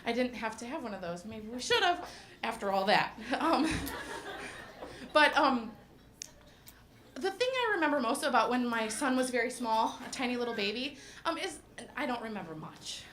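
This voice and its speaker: Young woman stand-up, bright and giggly, self-interrupting, roomy club echo. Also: fairly high pitch, expressive, normal speed. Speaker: stand-up comedian. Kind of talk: stand-up comedy. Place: comedy club stage. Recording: roomy echo of a comedy stage.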